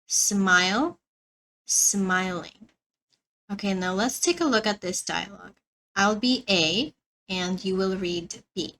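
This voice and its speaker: A woman teaching a beginner English lesson, slowly and carefully repeating words for learners. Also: mid-range voice, sharp tone, slight background noise, low-quality recording.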